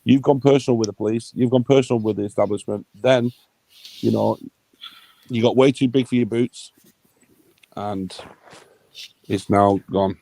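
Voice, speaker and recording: A man's voice: fairly low pitch, steady tone, moderate pace, creaky, pauses often, dark tone. A man hosting a livestream, ranting in a heated, sweary, blunt way. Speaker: livestream host.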